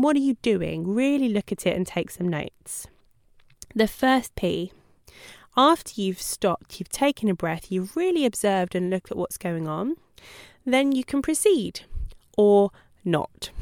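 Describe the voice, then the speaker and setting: A woman dog trainer explains a calming method to owners. She is chatty and laughs lightly between points. Her voice sits at a middle pitch and sounds dry and close. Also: no room sound. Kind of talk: talking-head lesson.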